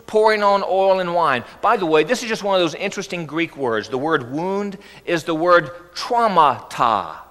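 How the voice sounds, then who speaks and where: A man's voice: sits high, fairly bright tone. Male pastor, sermon, earnest coaxing delivery, rhetorical questions, echoey church hall. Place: church sanctuary.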